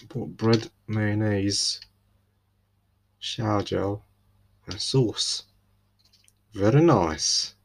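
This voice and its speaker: This podcast host, a young adult with an East London accent, chats alone in a loose, slangy ramble, repeatedly breaking off and starting over. His voice is fairly low, with a little hiss or hum in the audio.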